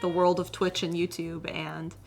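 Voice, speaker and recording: A woman co-hosting a live stream, telling a story in a relaxed, chatty way with lots of fillers. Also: fairly low pitch, normal speed, vocal fry. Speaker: co-host of a live stream show. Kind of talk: casual stream chat.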